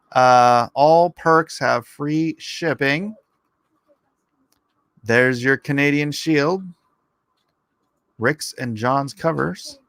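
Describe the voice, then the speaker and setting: A man's voice: medium pitch, creaky, a bit bright, no room sound. A man hosting a livestream in a casual, rambling, jokey way, reading chat comments aloud and answering them. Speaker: livestream host.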